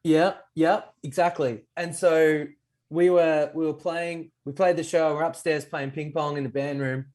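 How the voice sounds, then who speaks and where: A male guest bass player telling an easygoing, self-mocking story in casual chat. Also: little pitch movement, a little slow, a little mellow.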